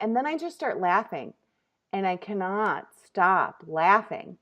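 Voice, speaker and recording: A woman in her thirties hosting a comedy talk show, telling a story in an animated, laughing, casual way. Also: medium pitch, slow pace, muffled recording.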